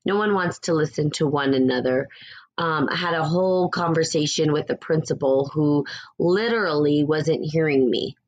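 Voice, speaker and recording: Woman, low voice, casual spiritual talk, blunt, swears freely, laughs. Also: moderate pace, lo-fi sound. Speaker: spiritual podcast host.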